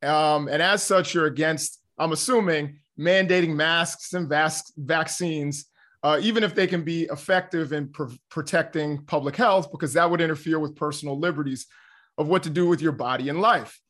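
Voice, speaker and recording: A man's voice: a little high, moderate pace, fairly bright tone. A male talk show co-host who is a little out of breath, chatting casually and then asking long interview questions.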